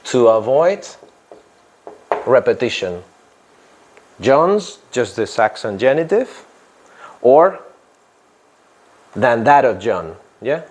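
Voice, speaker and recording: A man's voice: medium pitch, very animated, slow pace, long pauses, a little mellow. A man teaching an English grammar lesson to a class, repeating phrases and checking in with "yeah?" after nearly every point.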